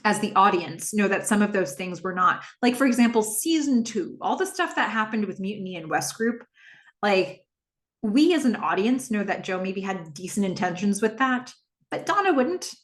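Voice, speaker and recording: A woman hosts a casual recap podcast and retells each scene with lively energy. She acts out the characters' lines herself, and her pitch jumps as she quotes them. Her voice sits in a middle range and carries a roomy echo. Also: moderate pace. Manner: animated retelling, quoting characters with shifting pitch. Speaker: podcast host recapping a TV episode. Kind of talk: casual recap with acted-out dialogue.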